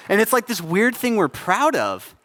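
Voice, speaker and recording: A man's voice: high-pitched, bright, forceful tone, big-room sound. A young adult man preaching a conversational sermon at a church service, joking and asking the congregation questions. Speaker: pastor.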